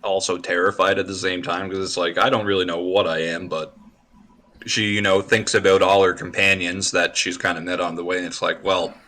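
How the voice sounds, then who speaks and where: A man's voice: sits low, level tone, brisk, bright, forceful tone. A man playing a tabletop game, speaking hesitantly with many fillers. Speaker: player.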